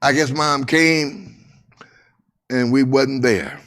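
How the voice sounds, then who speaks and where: An older man telling a personal story from his childhood, with repeated phrases, dramatic pauses and a hushed voice at tender moments. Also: mid-range voice, fairly even intonation.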